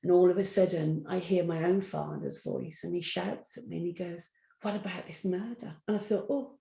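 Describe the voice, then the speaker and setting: This interview guest is a psychic medium, a middle-aged woman from the English Midlands who performs the voices of people in the anecdotes she tells. She speaks at a moderate pace in a fairly low, creaky voice with a dark tone. Echo from the room can be heard.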